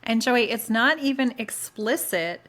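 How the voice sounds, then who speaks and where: A woman's voice: a little high, a little slow. Enthusiastic woman co-hosting a book chat. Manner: enthusiastic and expressive. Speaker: podcast co-host. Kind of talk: casual book discussion.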